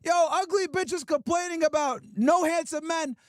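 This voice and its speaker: A man's voice: very high-pitched, normal speed, no room sound, clean studio sound. A man hosting a livestream, giving crude, mocking reaction commentary and laughing often. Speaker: livestream host.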